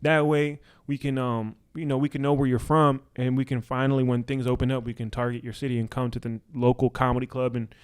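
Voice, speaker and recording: A young man co-hosting a podcast in casual, joking chat, full of quick restarts. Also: medium pitch, little pitch movement, smooth. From Washington D.C. area. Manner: hyped, joking, talks fast with restarts. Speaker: podcast co-host.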